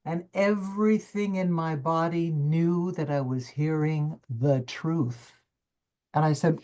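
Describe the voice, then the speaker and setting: An older woman speaks on a video call as a summit guest, a coach recounting her path with emphatic, expressive storytelling. Her voice sits somewhat low for a woman, and she acts out her own inner dialogue with dramatic turns. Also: slow pace. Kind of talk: personal storytelling interview.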